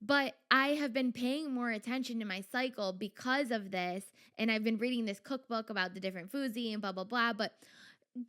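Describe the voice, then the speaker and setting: Young woman rambling on her podcast, smooth clear voice, bit high, lots of "like"s. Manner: chatty, animated, frequent "like" fillers and self-quotes. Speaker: podcast host. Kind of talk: casual solo podcast talk.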